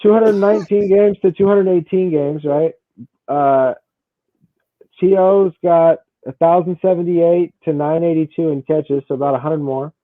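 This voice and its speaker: A man co-hosting a sports podcast, rattling off numbers fast and repeating his words as he argues. His voice sits a little high. The sound is dry and tinny, like a phone line. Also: dry recording. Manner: talks fast, repeats words, stacks stats. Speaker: podcast co-host. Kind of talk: casual sports debate.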